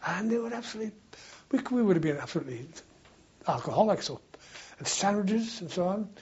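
An older veteran with a slightly raised, husky voice tells long, wandering anecdotes, restarting sentences as he goes. The sound is dull and lo-fi, like an archive tape. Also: high voice, lively intonation, brisk, a little mellow. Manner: rambling anecdotal storytelling, frequent restarts. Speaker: war veteran interviewee. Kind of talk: oral history reminiscence.

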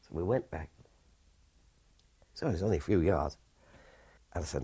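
An older veteran tells his memories in plain, halting phrases that often restart. His voice sits low and sounds husky. The recording is dull and muffled. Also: expressive, dark tone. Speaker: war veteran. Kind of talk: oral history recollection.

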